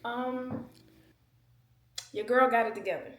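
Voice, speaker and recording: A woman in her thirties speaks in a fairly low voice in a casual personal vlog. She is candid and open, venting her frustrations and swearing without a second thought. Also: normal speed, darkish tone. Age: 30s. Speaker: vlogger.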